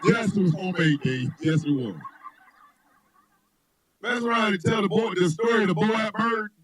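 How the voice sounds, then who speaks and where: A man hosting a radio show, chatting loosely and telling comic stories, laughing often and shouting his punchlines. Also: sits high, moderate pace, a crowd in the background, poor audio. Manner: loud, laughing, animated storyteller who shouts punchlines. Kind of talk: loose comedic chat with storytelling.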